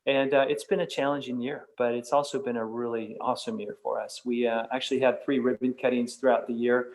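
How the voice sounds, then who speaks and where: A middle-aged man speaks to a church fellowship group in a relaxed, unscripted way. His voice sits at an ordinary mid pitch, and he often stops to restart his sentences with "um" and "uh". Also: fairly quick, rough recording. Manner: conversational, many fillers and restarts. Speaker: guest speaker from a nonprofit campus.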